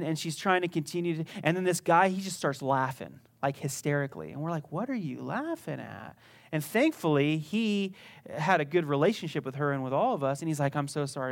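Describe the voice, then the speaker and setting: A middle-aged male pastor preaching a sermon in a conversational, joking storytelling manner that builds to emphatic peaks. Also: fairly high pitch.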